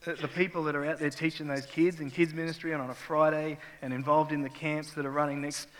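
A middle-aged man preaches from a church stage, his slightly high voice swelling from quiet reflection into raw, impassioned testimony. His words ring out with a long, spacious reverb from the hall around him. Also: little pitch movement, fast. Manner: raw, emotional testimony with rising intensity. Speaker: pastor. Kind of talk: sermon.

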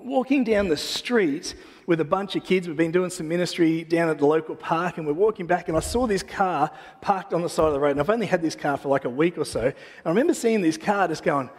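A man preaching a sermon in a church, praying and then telling a personal story in a casual, animated way with self-deprecating humor. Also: a little high, brisk, big-room sound. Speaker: pastor. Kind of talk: sermon with prayer and personal anecdote.

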